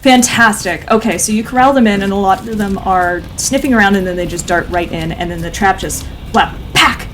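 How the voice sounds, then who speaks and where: A woman's voice: mid-range voice, fairly quick, hardly any pauses, slight background noise. A woman narrating a tabletop role-playing game as game master, often laughing as she describes the scene.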